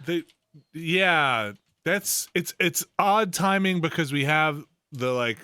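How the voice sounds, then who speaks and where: A man's voice: on the high side, expressive, slow, sharp tone, smooth, dry recording, clean studio sound. A man co-hosting a casual podcast chat, riffing animatedly and laughing often. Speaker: podcast co-host.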